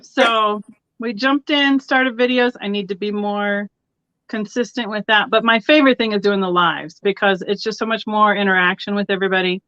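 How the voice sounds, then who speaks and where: A woman's voice: medium pitch, fairly even intonation, moderate pace, fairly bright tone, dry recording. A woman chatting on a live sale stream as a guest seller, rambling with fillers. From Colorado. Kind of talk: casual chat on a live stream. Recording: dull dry lo-fi stream audio.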